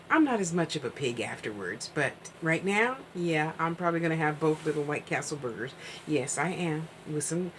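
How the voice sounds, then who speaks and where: A woman's voice: on the low side, a little hiss or hum, rough recording. A woman hosting a live-streamed psychic reading, chatting casually and rambling with frequent asides.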